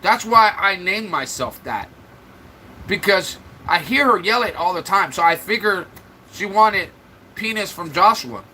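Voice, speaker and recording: High, lively man roasting his chat. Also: unhurried, slight background noise, rough recording. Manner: trash-talking, roasting commenters. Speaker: livestream host. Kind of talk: mocking live-chat banter.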